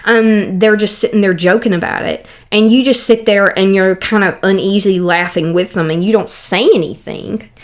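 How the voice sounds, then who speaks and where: A woman's voice: mid-range voice, steady tone, normal speed, few pauses. A young adult woman hosting a Christian podcast, talking earnestly and conversationally in a casual teaching monologue with fillers. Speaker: podcast host.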